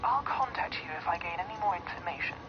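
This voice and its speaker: Game caseworker, measured briefing voice, played by an actor; muffled, noisy capture. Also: medium pitch, expressive, lightly acted. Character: researcher briefing an agent over comms. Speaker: in-game caseworker giving instructions. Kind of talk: scripted video game dialogue. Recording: dull game audio under noisy stream.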